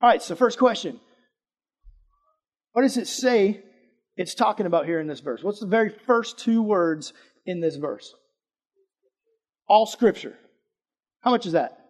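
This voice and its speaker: A man's voice: high-pitched, unhurried, long pauses. A man preaching a casual sermon, chatty and conversational, asking the audience questions and telling a personal story. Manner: lively, swings between loud emphasis and hushed asides.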